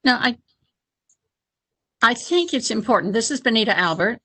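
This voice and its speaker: A woman's voice: a little high, animated, moderate pace, bright, forceful tone, slightly rough. A woman on the board giving a hesitant, thoughtful reply. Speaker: board member responding.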